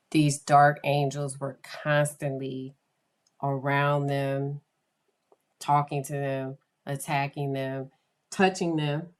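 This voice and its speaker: A woman with a notably low voice talks through a spooky true story in a loose, casual podcast way. She hesitates and restarts her sentences, and sometimes drops into a whisper. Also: darkish tone. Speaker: podcast host.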